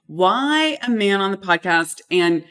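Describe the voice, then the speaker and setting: A woman's voice: medium pitch, expressive, slow pace, fairly bright tone, smooth. A woman hosting a podcast interview, introducing her guest in an enthusiastic, emphatic way. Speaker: podcast host.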